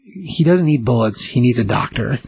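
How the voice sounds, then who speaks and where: A man voicing a calm, authoritative sorcerer who is also a surgeon, speaking in a measured, reassuring way. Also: mid-range voice, gravelly, breathy edge, no room sound, full character voice, poor audio. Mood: calm firm.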